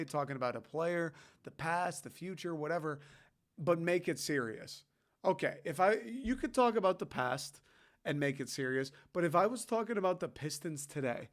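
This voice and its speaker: A young man from hosts a casual podcast, riffing sarcastically and swearing freely. His voice sits on the higher side and sounds smooth and resonant, with an animated, joking delivery. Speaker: podcast host. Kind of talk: casual solo rant.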